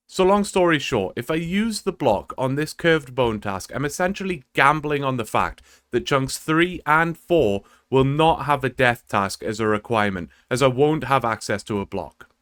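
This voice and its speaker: A man's voice: medium pitch, a bit bright, no echo. A man giving casual, wry gameplay commentary as a gaming video creator, explaining the rules of his game run step by step.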